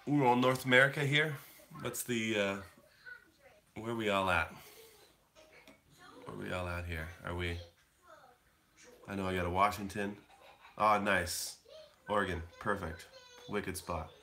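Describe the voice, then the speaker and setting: A man's voice: fairly low pitch, fairly even intonation, unhurried, long pauses, pushed and bright. A man in his thirties from Canada, rambling casually to his livestream viewers and answering the chat. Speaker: livestream host.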